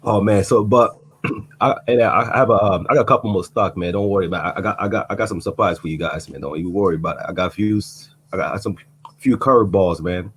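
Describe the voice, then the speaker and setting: A man's voice: deep voice, fast talker, fairly bright tone, husky. A man guest on a live stream, laid-back and boastful in casual chat, swearing freely.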